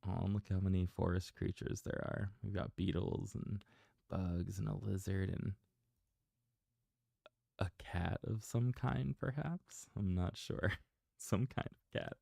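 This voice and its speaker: A man hosting a casual bedtime story livestream, chatty and gentle, who laughs softly to himself while he reads. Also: low voice, fairly even intonation, unhurried, gravelly, dry recording, studio quality.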